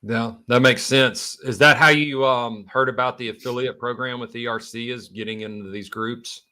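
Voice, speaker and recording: A man hosts a casual podcast interview. His voice sits at an ordinary pitch. He talks in an enthusiastic, affirming way. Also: fairly even intonation, normal speed, pushed and bright. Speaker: podcast host.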